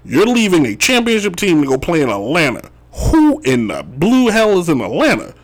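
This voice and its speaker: A man's voice: on the high side, huge pitch swings, normal speed. A man hosting a casual sports talk show, rambling and joking about basketball moves, often tossing in "if you will.". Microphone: wearing Chicago sports gear.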